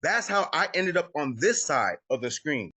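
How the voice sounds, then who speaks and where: A man's voice: a little high, very animated, normal speed, sharp tone. Fired-up male coach on a live call. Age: adult with children. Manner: emphatic and repetitive, often adding "y'all". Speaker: credit coaching host. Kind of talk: motivational coaching talk on a live video call.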